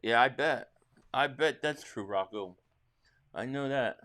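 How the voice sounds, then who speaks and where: A middle-aged man with a New Jersey accent livestreams his reaction to a football game, his medium-pitched voice moving at a measured pace. He rambles loosely with viewers, reading their chat, then breaks into excited calls of the plays as they unfold.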